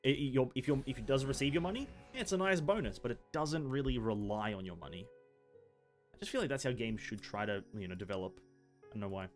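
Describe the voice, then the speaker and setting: A man's voice: mid-range voice, quick pace, faint music behind. A man streaming a game, chatting casually, rambling with frequent restarts and swearing. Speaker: gaming streamer. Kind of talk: casual live-stream commentary.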